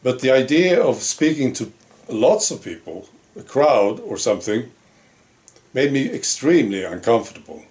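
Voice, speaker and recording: This channel host's reflective monologue to camera is a musing stream of thoughts and rhetorical questions. His mid-range voice has a sing-song, slightly mellow quality and moves at a moderate pace.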